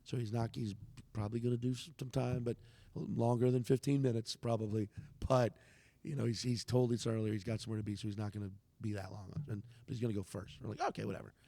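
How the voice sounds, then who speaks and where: Male comedian guest, gravelly voice, rambling profane storyteller, long reverb on the room. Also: mid-range voice, fast. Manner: profane, rambling, animated anecdote telling. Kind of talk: casual storytelling on a podcast.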